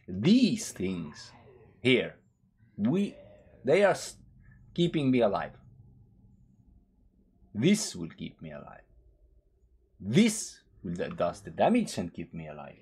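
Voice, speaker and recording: A man's voice: on the low side, huge pitch swings, takes it slowly, creaky, long pauses, breathy edge. A man commenting on his own gameplay, trash-talking the game's enemies and breaking into sing-song scatting. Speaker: gaming channel host. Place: at a computer, playing a game. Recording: loud keyboard clicking behind voice.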